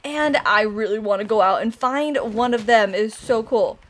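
A young woman hosting a casual game let's-play, bubbly and excitable, often gasping and squealing with delight. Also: a little high, moderate pace. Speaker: gaming channel host.

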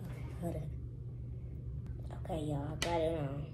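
A young woman chatting casually to camera in a vlog, lively and sometimes dropping to hushed whispers. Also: deep voice, moderate pace, background noise. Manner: lively, switches to hushed whispers when nervous. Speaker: vlogger.

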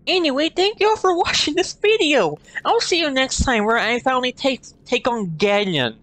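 A man giving casual gameplay commentary in a let's play, animated and playfully complaining. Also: very high-pitched, normal speed, hardly any pauses, no echo.

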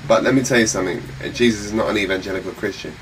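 A man preaching a sermon in an animated, exclaiming way, urging his listeners to watch. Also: lowish voice, very fast, distant mic, low-quality recording. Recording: faint air-conditioning hum, mic set back.

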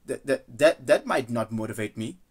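A young man speaks in an unscripted, reflective way. He is earnest and loose, circling back on his points. His pitch sits in an ordinary middle range. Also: normal speed. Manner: earnest, loose and rambling, acts out quoted voices. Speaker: vlogger. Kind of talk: casual reflective monologue.

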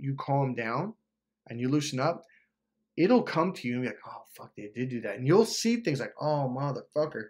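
A man's voice: mid-range voice, fairly bright tone. A man in his forties delivering an intense, profane motivational monologue about trusting your gut. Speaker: motivational speaker.

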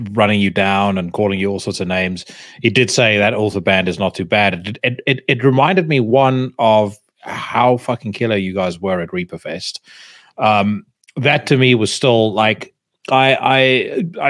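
A man hosts the interview in a loose, chatty way. His voice is low-ish and recorded dry and close. He swears freely and stumbles over repeated words. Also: a bit bright, no echo. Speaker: podcast host. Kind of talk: casual interview chat.

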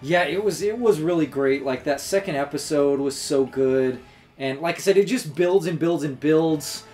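A man's voice: fairly high pitch, normal speed, darkish tone, faint music behind. A man co-hosting a casual fan chat, enthusiastic and filling his talk with "like". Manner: enthusiastic, full of "like" fillers. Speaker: co-host.

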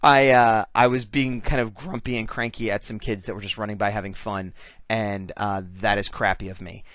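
A man's voice: mid-range voice, moderate pace, fairly bright tone, dry recording. A man giving a rambling, self-deprecating voice-over in casual conversation, hiccuping now and then. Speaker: artist and convention vendor.

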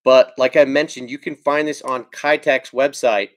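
A man hosts a casual live stream and talks through his favorite baits in a loose, easygoing way. He fills his pauses with ums and breaks off to answer viewers' comments as they come in. His voice sits at an ordinary middle pitch for a man. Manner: relaxed, rambling with frequent ums. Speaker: fishing channel host.

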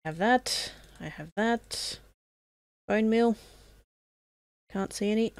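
A woman's voice: medium pitch, slow pace, gravelly, dry recording. A woman giving casual commentary on her own gameplay, talking to herself as she plays. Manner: chatty, talks to herself, bursts into excited shouting. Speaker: let's play gamer.

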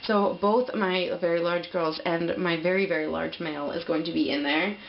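A young woman in a casual vlog, opening a gift package and gushing with excitement, full of fillers and little laughs. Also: lowish voice, moderate pace, gravelly, highs cut off, a little hiss or hum. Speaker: pet vlogger.

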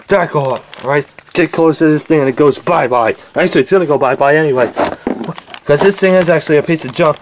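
A man acting out a home-made toy skit, bickering with himself in several voices, jumping between shouted yelps and low grumbles. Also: moderate pace, slight background noise.

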